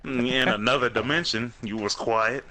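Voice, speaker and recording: A man's voice: mid-range voice, steady tone, moderate pace, pushed and bright. A man co-hosting a podcast, chatting casually with a lot of profanity, laughter and mocking banter. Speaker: podcast co-host. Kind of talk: casual chat.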